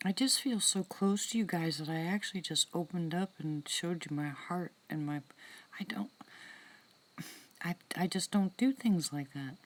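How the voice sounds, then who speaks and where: A woman hosting a casual live-stream chat with viewers from outdoors in the woods at night. She talks softly into a phone, often slipping into whispers, chatty and heartfelt. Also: on the low side, normal speed. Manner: soft-spoken, drops into whispers, chatty and heartfelt.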